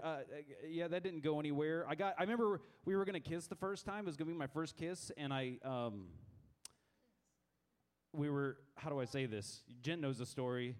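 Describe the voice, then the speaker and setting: A man in his thirties telling funny stories to a youth group, animated and self-mocking, with many stammered restarts. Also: fairly high pitch. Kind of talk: lively storytelling talk to a youth group.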